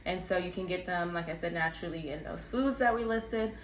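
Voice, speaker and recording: A young woman hosting a casual health-tips vlog. She talks in a chatty, playful way, jokes at herself and fills her pauses with "um". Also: on the low side, echoey room, a little hiss or hum. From not from Texas. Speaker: wellness channel host.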